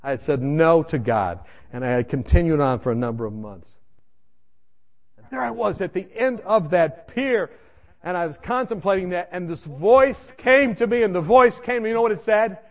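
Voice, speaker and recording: In this muffled sermon testimony, a man with a high-pitched, expressive voice speaks at a normal speed. He recounts his life story emphatically and addresses his listeners head-on.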